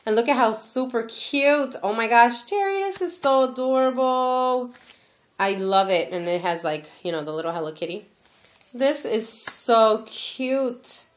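Slow-talking gushing woman unboxing a gift. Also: on the high side, animated. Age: adult, has a daughter. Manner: gushing, exclaims often. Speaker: crafting vlogger opening a gift. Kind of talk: casual unboxing chat.

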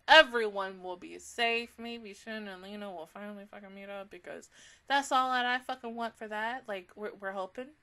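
A woman's voice: medium pitch, pushed and bright. A young woman giving a casual, emotional anime reaction review, gushing with frequent fillers and swearing.

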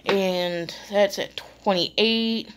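A woman's voice: medium pitch, fairly even intonation, very slow, slight background noise. A woman chatting casually as she unboxes beauty products, rambling with fillers and restarts, still a little sleepy. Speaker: beauty vlogger.

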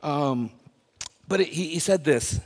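A man preaching a sermon as the pastor, talking casually and then building to loud, emphatic preaching. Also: fairly high pitch, takes it slowly. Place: church sanctuary. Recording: long reverb of a church hall.

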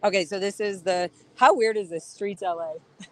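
A woman filming herself at a street protest outdoors, calling out loudly and bluntly to the people inside a building, then chatting casually into her phone. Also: mid-range voice, normal speed. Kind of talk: confrontational shouting at a building mixed with casual chat. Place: outdoors on a city sidewalk.

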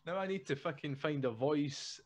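A man hosting a band podcast, excitable and sweary, joking between questions. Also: fairly high pitch, normal speed, background noise. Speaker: podcast host, band member. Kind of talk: casual podcast chat.

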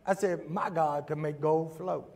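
A middle-aged man preaching a sermon, telling a story and acting out the dialogue before building to shouts. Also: on the high side, fairly even intonation, unhurried, vocal fry. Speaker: pastor. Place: church sanctuary. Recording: church hall with long reverb.

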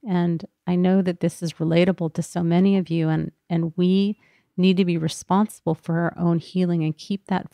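A woman hosts her podcast in an earnest, candid voice, turning her thoughts over out loud. Her voice sits low with a gravelly edge. The sound is close and dry. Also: no room sound. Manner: candid, self-reflective, earnest. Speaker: podcast host. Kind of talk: reflective personal talk.

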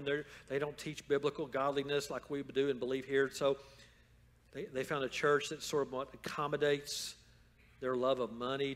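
A man preaching a sermon as pastor in a church, moving from calm storytelling to loud, fervent exhortation. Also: medium pitch. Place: church sanctuary.

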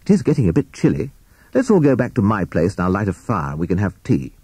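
A man voicing a proper, pompous male owl in a storybook, in a slow, measured way. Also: on the low side, wildly swooping pitch, mellow, slightly rough, no echo, exaggerated voice. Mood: fussy. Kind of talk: storybook character voice.

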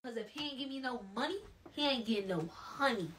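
A woman doing a comedy skit in a sassy, scolding manner. Her voice sits high and bright, and it swoops up and down. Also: animated, brisk, a little hiss or hum.

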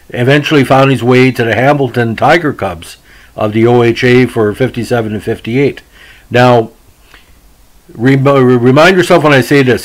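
Casual male podcast host, middle pitch, rambling delivery. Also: poor audio. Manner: rambling, with many fillers and restarts. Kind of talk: casual hockey history podcast.

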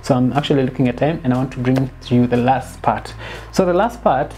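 A woman giving a casual, animated film critique, dropping in bits of Swahili slang and sounding exasperated. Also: very deep voice, a little fast, a little hiss or hum. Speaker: film reviewer.

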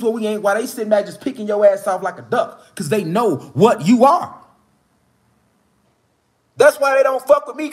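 A man preaches outdoors in the mountains. His talk is casual, profane and slangy, and it keeps climbing into fired-up shouts. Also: extremely high pitch. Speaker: spiritual commentator.

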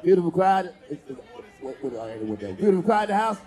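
Crude male stand-up comic with a very high voice, loud crowd work in a club. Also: very animated, fast talker, faint music behind. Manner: crude, loud, teasing the audience. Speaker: stand-up comedian. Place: live comedy club. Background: audience.

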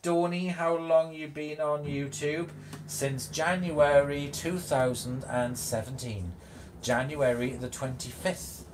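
Male host, casual live-stream chatter, unhurried delivery, giggles often. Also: on the high side, fairly even intonation, music in the background. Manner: chatty, giggly, reads viewer comments aloud. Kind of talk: casual live-stream chat reading comments.

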